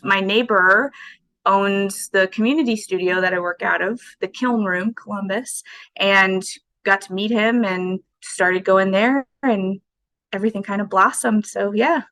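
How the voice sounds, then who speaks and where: A woman's voice: mid-range voice, sharp tone, poor audio. A woman, a guest potter on an interview podcast, talking casually and thoughtfully with frequent fillers.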